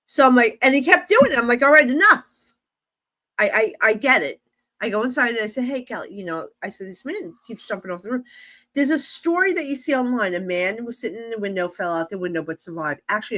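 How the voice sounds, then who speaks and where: A woman with a New Jersey accent, a guest psychic medium telling stories in a lively conversational way with many fillers. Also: medium pitch, a little fast. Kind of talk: animated storytelling in conversation.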